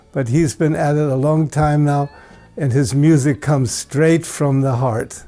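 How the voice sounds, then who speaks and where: A man's voice: a little high, warm tone. An older man giving a tribute speech as award presenter, telling fond anecdotes about an old friend. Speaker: award presenter, record label founder.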